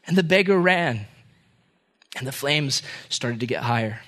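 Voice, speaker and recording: A male pastor telling a dramatic story in a sermon and praying, swinging between raised and hushed delivery. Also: mid-range voice, animated, unhurried.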